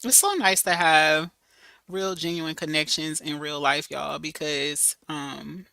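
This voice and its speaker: Hoarse woman chatting on a livestream. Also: sits low, slow pace, bright, forceful tone, no room sound, low-quality recording. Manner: chatty, greets viewers by name, loose and familiar. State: hoarse, losing her voice. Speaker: livestream host. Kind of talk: casual livestream chat.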